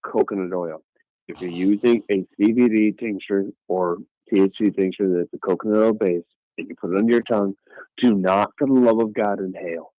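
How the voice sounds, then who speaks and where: A laid-back man co-hosting a casual podcast, speaking in a somewhat low voice. His mic sounds dull and lo-fi, with a dry, close sound and no room echo. He talks in a relaxed bro style. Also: brisk. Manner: laid-back, laughs a lot, calls people bro. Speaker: podcast co-host.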